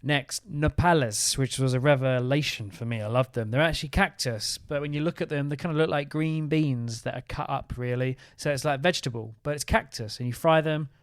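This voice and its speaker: A man's voice: medium pitch, dry recording. A man co-hosting a travel vlog, running through a list in an upbeat, jokey manner. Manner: upbeat, jokey, quick list-style rundowns. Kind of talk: casual chat.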